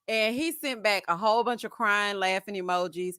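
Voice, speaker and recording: Sassy, animated woman live-streaming TV gossip. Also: mid-range voice, normal speed, few pauses, clean tone, no room sound, studio quality. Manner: sassy, animated, calls viewers honey and child; laughs often, greets chat viewers. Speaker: TV recap show host.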